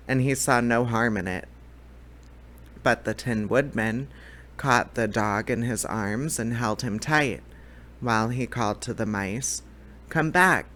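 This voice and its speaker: A man's voice: mid-range voice, fairly bright tone. A man reading a children's book aloud, unedited, now and then tripping on words and correcting himself. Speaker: storybook reader.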